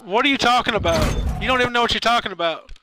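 A man's voice: very high-pitched, rapid-fire, bright, forceful tone. Exasperated streamer man over noisy chat. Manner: exasperated, arguing back. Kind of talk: gaming stream commentary.

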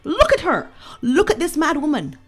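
A woman's voice: high voice, wildly swooping pitch, moderate pace, soft background music. A woman from Barbados with a Barbadian accent, ranting in an emphatic, sarcastic, scornful way as a commentary vlogger. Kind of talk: opinion rant.

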